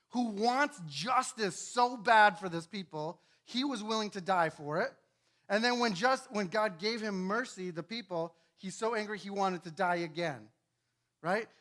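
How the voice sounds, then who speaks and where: A man's voice: high voice, a bit bright. A male pastor preaching a sermon in a church, teaching in a conversational way and often checking in with his listeners.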